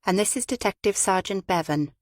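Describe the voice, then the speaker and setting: A woman's voice: mid-range voice, animated, a little fast, no room sound, clean studio sound, close to an everyday voice. A woman voicing a middle-aged male chief inspector who speaks tersely and matter-of-factly. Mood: curt.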